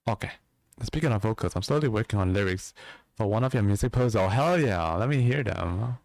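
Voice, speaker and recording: A man's voice: on the low side, animated, fairly quick, gravelly, darkish tone, dry recording, studio quality. Chatty man. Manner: chatty, joking with chat. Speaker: livestream host. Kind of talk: casual livestream chat.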